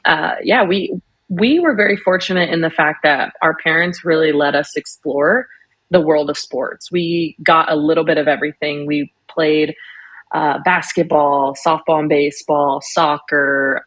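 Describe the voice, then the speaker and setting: A woman's voice: sits low, steady tone, moderate pace, a bit bright, no room sound, poor audio. A young woman from Texas, a podcast guest telling her story in a friendly, chatty way. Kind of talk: casual interview.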